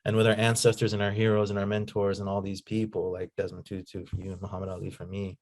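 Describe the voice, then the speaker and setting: A man telling stories in a casual interview as a guest, animated and slangy. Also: fairly low pitch, fast talker. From United States. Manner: animated storyteller, slangy, says "man" and "you know". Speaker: guest, nonprofit founder.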